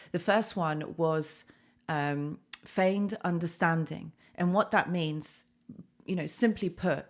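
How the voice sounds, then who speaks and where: A woman hosting a live stream, talking casually to her chat, with many fillers and tag questions. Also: fairly low pitch.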